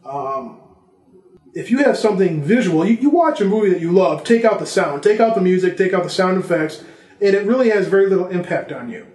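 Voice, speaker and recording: A man's voice: sits high, expressive, brisk, a little mellow, echoey room. A man giving a casual vlog lesson on filmmaking, talking conversationally and listing examples. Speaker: filmmaking instructor.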